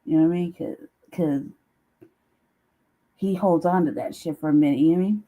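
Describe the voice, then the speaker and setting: A woman's voice: low voice, brisk, phone-quality sound. A woman chatting casually on her own stream, teasing, laughing often and swearing freely. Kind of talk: casual chat.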